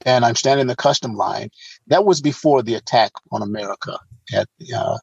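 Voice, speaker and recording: A man, an actor interviewed as a guest, telling animated anecdotes in casual conversation, with frequent restarts. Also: mid-range voice, fairly quick, gravelly, slightly rough, no echo, lo-fi sound. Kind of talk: casual storytelling.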